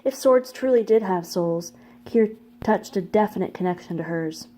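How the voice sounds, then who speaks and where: A woman reads a fantasy novel aloud in a steady, measured narration. Her voice is warm and mellow, sitting at an ordinary middle pitch. She keeps an even storybook pace through the prose. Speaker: audiobook narrator. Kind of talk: scripted narration.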